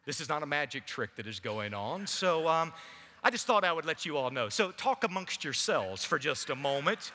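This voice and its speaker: A man's voice: a little high, normal speed. A male pastor, preaching a sermon in a church and chatting casually with the congregation. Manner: animated preaching with audience asides. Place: church sanctuary. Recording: long church hall reverb.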